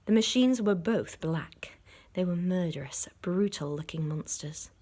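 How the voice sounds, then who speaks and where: A woman, a primary school teacher, reading a storybook aloud to children in an expressive way, stopping to explain words. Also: on the low side, measured pace.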